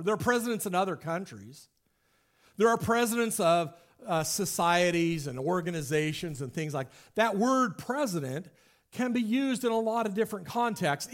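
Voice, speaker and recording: Male Bible teacher, high voice, conversational and explanatory, restarts often.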